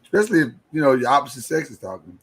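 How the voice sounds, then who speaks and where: A man's voice: medium pitch, very animated, rapid-fire, fairly bright tone, rough recording. A tired man co-hosting a podcast, ranting and joking in casual chat. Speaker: podcast co-host.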